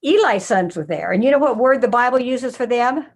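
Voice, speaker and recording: An older woman telling a Bible story to children in a lively way, often asking them questions. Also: a little high, a little fast. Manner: animated, asks children questions.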